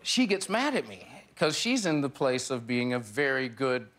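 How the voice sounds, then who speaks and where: A man's voice: mid-range voice, big pitch swings, normal speed, a crowd in the background. A man in his forties, a talk show guest telling a comic story and laughing through his punchlines. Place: TV studio with live audience.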